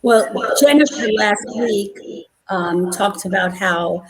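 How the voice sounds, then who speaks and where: A woman hosting an interview, asking questions in a measured way with frequent fillers. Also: mid-range voice, expressive, rough recording. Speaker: host interviewer.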